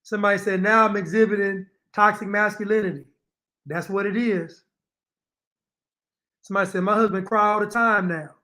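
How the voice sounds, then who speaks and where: A man's voice: sits high, steady tone, moderate pace, pauses often, bright, forceful tone. A man giving opinionated reaction commentary to viewers, repeating his points and addressing them directly. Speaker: commentary streamer.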